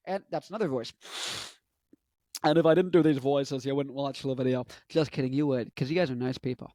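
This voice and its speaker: A man's voice: mid-range voice, steady tone, brisk, warm tone, no echo. A man in his twenties giving a casual commentary monologue, rambling and interrupting himself with joking asides. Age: 20s. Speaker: vlogger.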